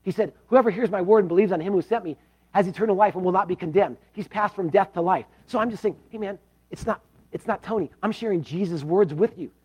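Earnest husky-voiced male pastor preaching. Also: high-pitched, quick pace, low-quality recording. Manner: earnest, swings from loud emphasis to hushed pleading. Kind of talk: sermon. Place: church service.

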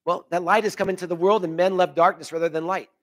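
Guy preaching a sermon, earnest, voice a bit on the high side, gets loud then soft for emphasis. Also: steady tone, fast. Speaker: pastor.

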